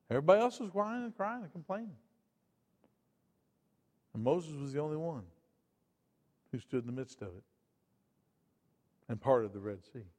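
A man preaching a sermon with dynamic delivery, swinging from loud emphatic bursts to quiet, low asides. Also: long reverb tail.

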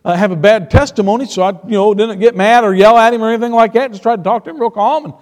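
A man preaching a sermon, shifting between quiet storytelling and emphatic points. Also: extremely high pitch, quick pace. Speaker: pastor. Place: church sanctuary. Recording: long reverb of a church hall.

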